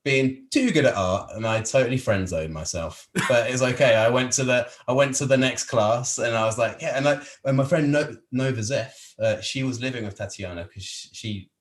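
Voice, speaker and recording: In an echoey room, an Englishman with an English accent talks at normal speed in a mid-range voice, barely pausing. He's a podcast guest in casual interview chat, rambling with plenty of fillers and restarts.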